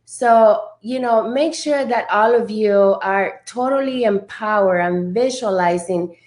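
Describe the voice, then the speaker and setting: A woman talking as a guest in a motivational chat, laughing often and filling pauses with restarts. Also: medium pitch, darkish tone. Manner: slow, laughing, many fillers and restarts. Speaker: guest speaker.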